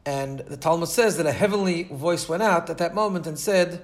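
A man with a slightly higher-than-usual voice delivers a sermon as a long, earnest story. He talks his way through it with frequent restarts and repeated words. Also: normal speed, few pauses. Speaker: Torah teacher.

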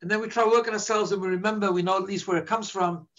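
Man w a pretty high voice lecturing a crowd, chatty storytelling, keeps asking "right?". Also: steady tone, fast talker, a bit bright, muffled recording. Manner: storytelling, frequent "right?" checks. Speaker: religious teacher. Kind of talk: informal lecture to a live audience.

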